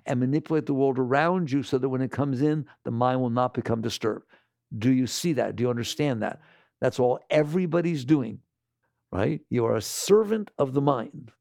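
A man teaching spiritual ideas to a live audience, rhetorical and animated, constantly asking the listeners questions. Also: medium pitch, gravelly, dry recording, studio quality. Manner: animated, slips into mocking quoted voices.

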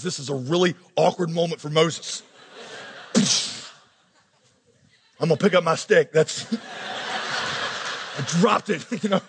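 Animated preacher in an echoing hall. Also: male voice, high voice, slightly rough. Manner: animated, acts out quotes and characters. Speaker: pastor. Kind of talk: sermon.

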